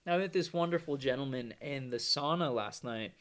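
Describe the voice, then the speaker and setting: A man's voice: medium pitch, moderate pace, fairly bright tone. A man delivering a casual, rambling vlog monologue, swearing freely in a loose, conversational manner. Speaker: vlogger.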